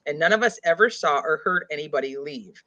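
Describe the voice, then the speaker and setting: Here the host is a woman with a low-pitched, fairly bright, expressive voice, talking a little fast. Over dull lo-fi audio, she rambles through a casual true-crime discussion, peppering everything with "like" and reading comments aloud.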